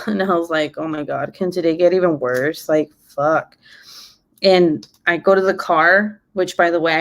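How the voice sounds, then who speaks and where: A woman's voice: fairly low pitch, fairly bright tone. A young adult woman telling a story on a casual live stream, blunt and profane, breaking into laughter often. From Mexican heritage. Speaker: vlogger.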